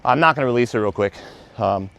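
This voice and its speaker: A man's voice: fast talker, creaky. Out-of-breath man explaining dog training. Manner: very animated, high excited praise to the dog. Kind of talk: vlog explaining training while working a dog.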